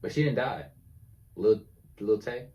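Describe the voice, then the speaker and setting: A man's voice: fairly low pitch, lively intonation, a little slow, dark tone, muffled recording. A young man co-hosting a podcast, chatting casually with lots of fillers and restarts. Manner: laid-back, rambling, lots of fillers. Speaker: podcast co-host. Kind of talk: casual chat. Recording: distant mic with faint background noise.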